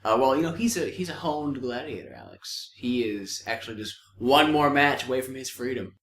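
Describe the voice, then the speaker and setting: A man's voice: medium pitch, very animated, moderate pace, fairly bright tone, echoey room. A man co-hosting a podcast, chatting casually about a movie, laughing often and adding dry quips. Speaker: podcast co-host. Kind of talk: casual movie review chat.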